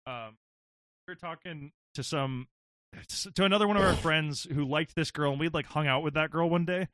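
A young man telling a funny story in casual chat, animated and laughing often, with frequent swearing. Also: fairly high pitch, moderate pace, no echo.

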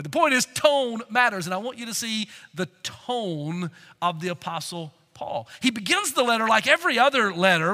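A man preaching an expository sermon, reading scripture and explaining it with emphatic swings from loud to quiet. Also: sits high. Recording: long hall reverb.

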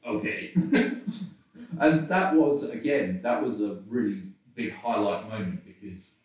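A man's voice: fairly low pitch, a little slow, very echoey, distant mic, low-quality recording. A man candidly telling personal stories in conversation, rambling and self-deprecating with frequent laughs. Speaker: interview guest.

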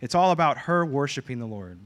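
A man delivers a sermon in an earnest, emphatic way. He drives his points home by repeating key phrases, in the steady manner of a pastor addressing his congregation. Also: mid-range voice, a little fast.

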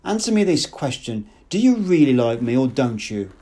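A man reading an audiobook, voicing an impatient, exasperated young woman in a sharp manner. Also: mid-range voice, very animated, normal speed.

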